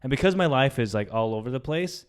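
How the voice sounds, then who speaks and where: A man's voice: medium pitch, fast talker, clear, resonant tone. A young man co-hosting a podcast, telling a story casually and animatedly, acting out the voices of the people in it. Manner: animated retelling, acts out quoted voices, swears. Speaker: podcast co-host.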